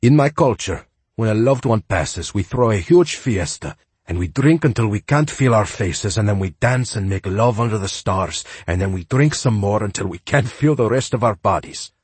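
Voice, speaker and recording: A man voicing a kindly older male cemetery groundskeeper with a heavy Spanish accent, talking in a warm, philosophical way. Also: fairly low pitch, animated, normal speed, slightly rough, dry recording, voice pushed up. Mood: consoling. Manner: warm, philosophical, gently coaxing.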